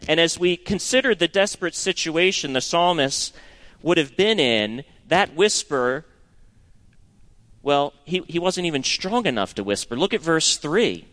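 Here a middle-aged man with a slightly high voice delivers a sermon, reading scripture with earnest expression and occasionally hushing his voice for emphasis.

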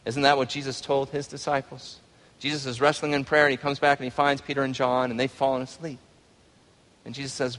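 A male pastor preaching a sermon, swinging from hushed reflection to loud, pleading cries. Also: mid-range voice, flat delivery, brisk. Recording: long hall reverb.

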